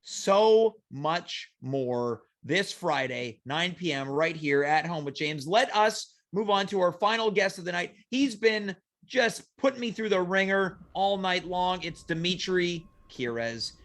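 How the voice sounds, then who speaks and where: A male talk show host with a high voice, talking casually with a guest on a video call. He jokes a lot and breaks into mock announcer patter. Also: animated, unhurried, few pauses, a bit bright. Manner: jokey, hammy announcer bits. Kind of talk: casual comedic chat.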